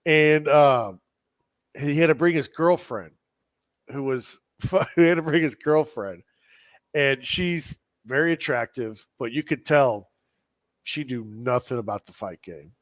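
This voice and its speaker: A man's voice: medium pitch, unhurried, no echo. A man co-hosting a podcast, telling a story in casual chat, swearing often and acting out what people said. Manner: animated storyteller, swears a lot, acts out quotes. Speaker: podcast co-host.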